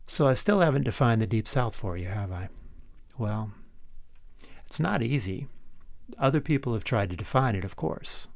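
A man's voice: fairly low pitch, vocal fry, no room sound. A man hosting a podcast, giving a scripted history narration in a wry tone full of rhetorical questions. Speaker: podcast host.

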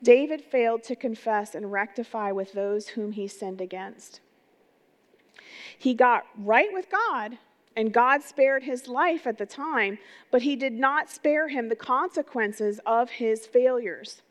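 A middle-aged woman pastor giving an energetic, conversational sermon, often putting rhetorical questions to her congregation. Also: a little high, takes it slowly. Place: church sanctuary. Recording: long reverb of a large hall.

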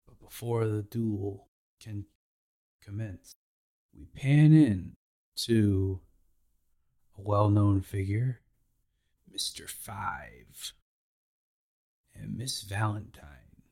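A man's voice: lowish voice, very slow, gravelly, pauses often, mellow. A man hosting a podcast, recapping anime episodes in a laid-back, slangy way.

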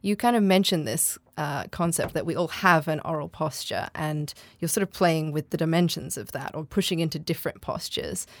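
A woman's voice: low-pitched, moderate pace, few pauses. A woman from Australia with an Australian accent, hosting a podcast interview in a chatty manner and laughing easily. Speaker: podcast host.

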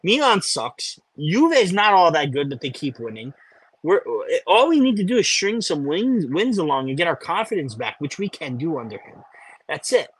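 A man's voice: on the high side, very animated, moderate pace, a bit bright, breathy edge. A man co-hosting a sports podcast, ranting in casual chat and repeating himself for emphasis. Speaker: podcast co-host.

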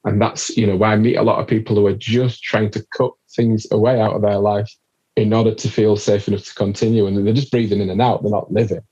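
A man with a husky, mellow voice talks in an animated, encouraging way and swears casually. The recording sounds dull and lo-fi. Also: on the low side, fast talker. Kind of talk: casual conversation.

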